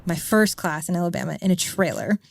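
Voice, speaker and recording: A woman telling a funny school story as a podcast guest, lively and amused. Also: lowish voice, fairly quick, creaky, background noise. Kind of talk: humorous anecdote.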